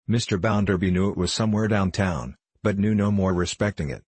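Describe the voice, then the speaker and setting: A man reading a classic novel aloud in a measured, formal, ironic manner. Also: deep voice, a little mellow, slightly rough, no room sound. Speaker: audiobook narrator. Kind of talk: scripted narration of a classic novel.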